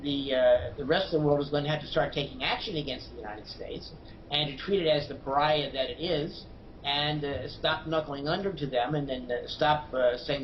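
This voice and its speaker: Hesitant guy talking politics on a news show, kinda high voice, muffled low-fi audio. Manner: hesitant, many filler pauses, forceful opinions. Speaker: guest commentator. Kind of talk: political commentary interview. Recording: dull lo-fi broadcast audio with faint noise.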